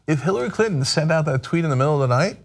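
A man's voice: a little high, racing. Sarcastic male political commentator. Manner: sarcastic, animated, mocking.

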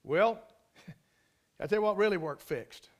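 High-voiced preacher telling folksy stories. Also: male voice, lively intonation, measured pace. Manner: folksy, emphatic, repeats key phrases. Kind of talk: storytelling sermon.

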